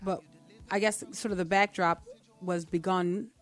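A woman co-hosting a Christian talk show, earnestly teaching from the Bible and slowing down to read verses aloud. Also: on the low side, fairly even intonation, soft background music. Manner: earnest, explains step by step, slows down to read verses.

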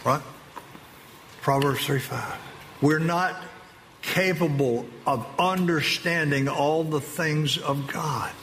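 A man giving an emotional personal testimony to an audience, earnest and halting, with slow emphatic phrases. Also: fairly high pitch, a bit bright. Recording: long reverb of a large hall with faint ambient noise.

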